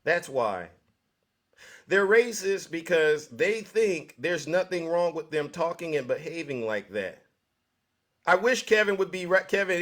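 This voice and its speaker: A man's voice: on the high side, a bit bright. Man ranting on a live stream. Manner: preachy, repetitive, addresses audience directly. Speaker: livestream host. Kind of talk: live-stream political commentary.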